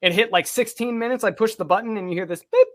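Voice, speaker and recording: A man's voice: high-pitched, fast talker. A man co-hosting a podcast, telling a personal story in a casual, profane and vivid way. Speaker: podcast co-host.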